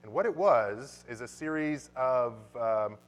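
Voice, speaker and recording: Guy preaching in church, gets really animated, faint music playing. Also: mid-range voice, unhurried. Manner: animated preaching, bursts into loud exclamations. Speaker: pastor. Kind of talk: sermon. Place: church sanctuary.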